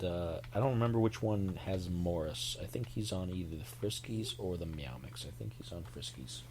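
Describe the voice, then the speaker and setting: A man's voice: low-pitched, a little mellow, a little hiss or hum. A man hosting a podcast in a casual, rambling monologue, chatty and self-deprecating, who now and then imitates animal sounds. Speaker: podcast host.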